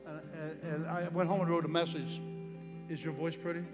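A man leads a healing service with fervent, commanding prayer. His voice sits a little high for a man and rings through a large hall with a long echo. Music plays clearly behind him. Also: level tone, moderate pace. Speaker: preacher leading a healing service. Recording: reverberant church hall with music. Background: live music.

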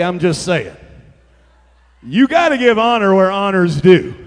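A man preaching a comic sermon, telling stories in a chatty way that builds to shouting. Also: high voice, long reverb tail.

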